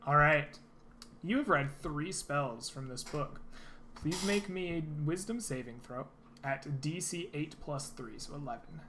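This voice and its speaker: A man's voice: fairly high pitch, animated, unhurried, noisy background. A man narrating as game master of a tabletop role-playing game, loose and full of fillers.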